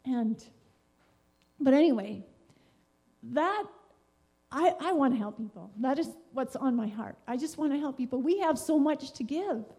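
A woman's voice: sits high, lively intonation, measured pace, pauses often, warm tone, husky. A woman giving a rambling, heartfelt personal testimony at a church gathering, full of fillers and restarts. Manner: meandering, many fillers and restarts; earnest and heartfelt. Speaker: church speaker sharing a devotion.

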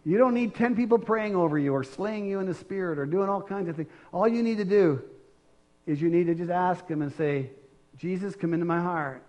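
High-voiced older male preacher. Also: lively intonation, fairly quick, darkish tone. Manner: earnest, conversational, with restarts. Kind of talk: sermon.

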